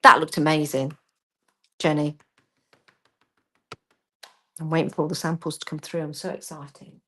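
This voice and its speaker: A woman's voice: deep voice, little pitch movement, normal speed, sharp tone, slightly rough. A woman chatting through a live craft demonstration, self-deprecating and talking as she works. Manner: chatty, self-deprecating, talks while working.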